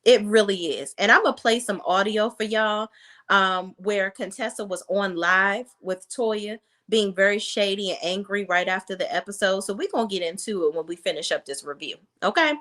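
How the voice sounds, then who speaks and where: A woman's voice: mid-range voice, normal speed, bright, forceful tone. A woman hosting a reality TV review, recapping an episode in blunt, sassy casual commentary. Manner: blunt, sassy, talks straight to viewers.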